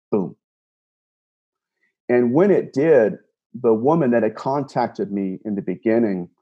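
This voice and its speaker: A man with a low, warm, slightly husky voice recounts a strange experience in an interview. He talks in bursts, restarts his sentences and repeats words as he goes. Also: dull audio. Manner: animated retelling, frequent restarts and repeated words. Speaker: guest, paranormal investigator. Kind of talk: storytelling interview.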